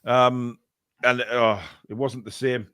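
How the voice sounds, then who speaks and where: A man's voice: mid-range voice, flat delivery, slow, a bit bright, clean tone, dry recording, clean studio sound. A man in his fifties hosting a live stream, rambling through comments with many fillers and restarts. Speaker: host. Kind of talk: live stream chat, reading viewer comments.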